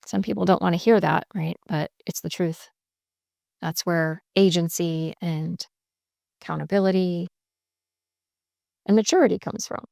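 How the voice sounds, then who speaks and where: A woman with a fairly low voice and a gravelly, creaky edge speaks as a couples coach. She lays out her points in a measured, emphatic way, close to the mic in a dry, dead-sounding space. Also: steady tone, a little mellow, no echo. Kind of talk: explanatory podcast interview.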